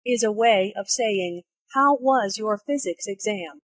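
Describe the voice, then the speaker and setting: A woman explaining English phrases and their intonation in a slow, careful teaching voice. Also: dry recording. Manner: slow, careful, with lively pitch for spoken examples. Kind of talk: slow, clearly articulated teaching narration and dialogue.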